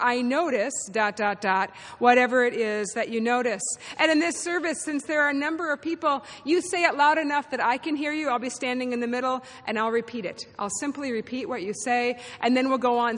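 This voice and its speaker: A woman's voice: fairly high pitch, fairly bright tone. A woman pastor giving a conversational, interactive sermon and inviting her congregation to speak up. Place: church sanctuary with long reverb. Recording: reverberant church hall.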